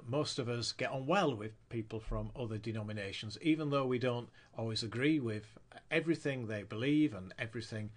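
A man's voice: mid-range voice, breathy edge. A man preaching a sermon in a church, telling a joke story and acting out the quoted lines.

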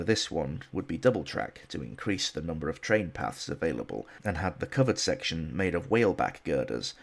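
A man narrating a history documentary in a scripted style with dry, wry asides. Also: deep voice.

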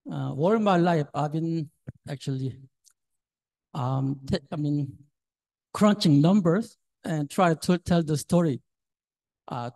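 Older guy giving a sermon, shaky and nervous, lots of uhs, kinda high and soft. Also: poor audio. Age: 60s. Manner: nervous, hesitant, many fillers. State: trembling voice. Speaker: lay preacher.

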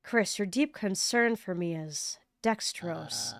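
A woman's voice: fairly low pitch, very animated, takes it slowly, vocal fry, dry recording, clean studio sound, full character voice. Woman reading as a pompous nerdy bird boy. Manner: pompous, flowery. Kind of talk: reading game dialogue aloud.

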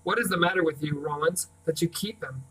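Guy reading jealous sneery farmer, bitter and fast, kinda high voice, a bit off mic. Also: fairly bright tone, breathy edge, recorded from a distance, rough recording. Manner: sneering, rapid angry outbursts. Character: bitter jealous middle-aged farmer, man.

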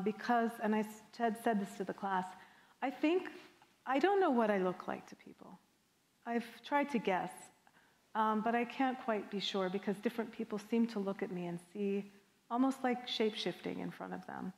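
A middle-aged woman from Jamaica answering an audience question as a guest poet, candid and animated, laughing often. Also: mid-range voice. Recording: long reverb of a lecture hall.

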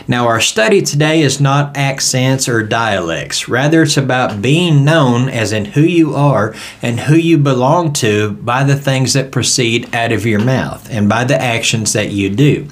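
Southern US man, Bible study teacher, relaxed folksy delivery, medium voice. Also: mid-range voice, measured pace, hardly any pauses. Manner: folksy storytelling, conversational.

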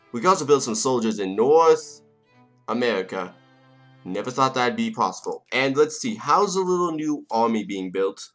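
A man's voice: mid-range voice, fairly bright tone. A young man casually commenting on his strategy game as he plays, joking and talking to the nations on screen. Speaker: let's play gamer. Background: faint game music.

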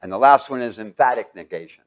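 A man's voice: medium pitch, quick pace. A man teaching a Bible class, quizzing his students with fill-in questions and breaking into sudden exclamations.

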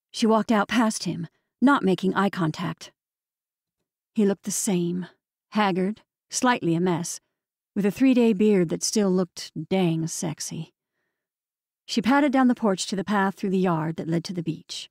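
A woman reads an audiobook novel in an even, measured way. Her voice sits at a middle pitch. The recording is dry and close. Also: no echo. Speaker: audiobook narrator. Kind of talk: scripted narration.

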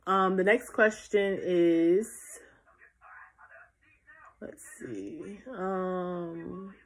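A tired teenage girl talks into her phone for a casual question-and-answer vlog. Her voice sits a little low, and she rambles with frequent restarts. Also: steady tone, drawn-out words. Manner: chatty, rambling, many restarts. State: tired and yawning. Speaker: vlogger.

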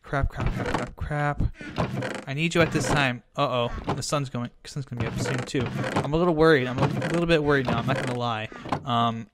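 A young man giving Minecraft let's play commentary, frantic and excitable, rambling fast when thrilled. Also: medium pitch, heavy background noise. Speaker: gaming video host.

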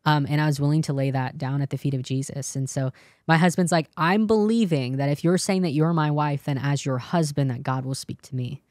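A woman's voice: low-pitched, fairly even intonation, fairly quick, darkish tone, no room sound, studio quality. A young adult woman telling a personal testimony in an interview, earnest and acting out the lines of the people in her story. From California. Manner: earnest, tells story with quoted dialogue. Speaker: interview guest.

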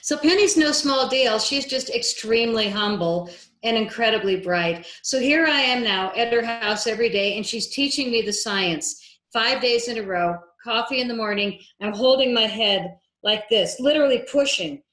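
Animated woman telling a story, echoey room. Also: fairly high pitch, moderate pace. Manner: lively, acts out quoted dialogue. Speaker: filmmaker guest. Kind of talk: interview storytelling.

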